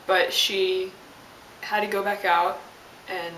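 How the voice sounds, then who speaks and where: A woman's voice: mid-range voice, flat delivery, takes it slowly, a bit bright. A young woman telling an exasperated, sassy story as a casual vlog rant. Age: young adult. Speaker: vlogger. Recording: roomy, distant mic with hiss.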